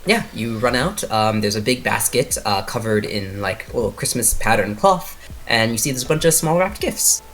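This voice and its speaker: A man's voice: on the low side, animated, moderate pace, a bit bright. A man narrating as game master of a tabletop horror game, casual and rambling with many fillers.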